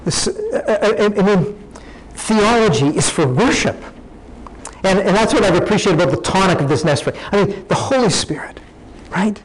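A man's voice: high voice, sing-song, moderate pace, slight background noise, rough recording. A man preaching a sermon, teaching in a conversational way, often restarting his sentences.

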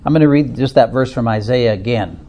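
A man's voice: medium pitch, fairly quick, warm tone, a little hiss or hum. A middle-aged man from Minnesota with an Upper Midwest American accent, leading an informal church discussion group in a chatty, self-deprecating way with frequent fillers. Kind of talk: informal talk to a small group.

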